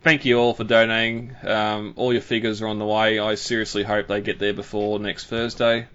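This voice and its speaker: A man's voice: lowish voice, level tone, moderate pace, fairly bright tone, clean tone, highs cut off. A man hosting a podcast in casual chat, rambling with lots of fillers and restarts. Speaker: podcast host.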